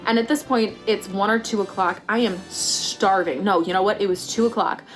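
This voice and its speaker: A pregnant young woman vlogging, telling a story casually and acting out quotes with big jumps in pitch. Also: fairly even intonation, moderate pace, faint music behind.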